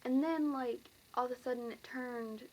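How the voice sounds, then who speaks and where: A woman's voice: high voice, normal speed, a little mellow, a little hiss or hum, low-quality recording. A teenage girl casually recounting a dream to camera, rambling and full of fillers. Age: teens. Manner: rambling, filler-heavy, breathless retelling.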